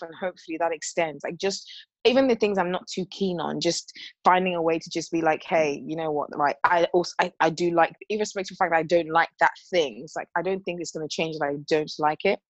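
A woman's voice: lowish voice, fairly even intonation, fast, no room sound. A young woman co-hosting a podcast, chatting casually, reflective and giggly, sometimes tongue-tied. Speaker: podcast co-host. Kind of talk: casual chat.

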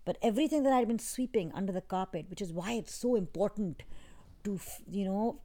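A woman as an interview guest, talking in a soft, halting, reflective way with many restarts. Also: medium pitch. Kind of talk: emotional personal interview. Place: in England.

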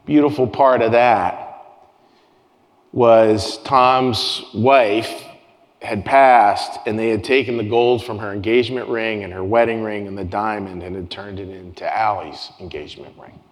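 A man's voice: fairly low pitch, fairly even intonation, measured pace. Earnest male pastor in a reverberant church. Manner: earnest, repeats phrases, stumbles and restarts. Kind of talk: sermon. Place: church sanctuary with congregation. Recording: long hall reverb with soft guitar.

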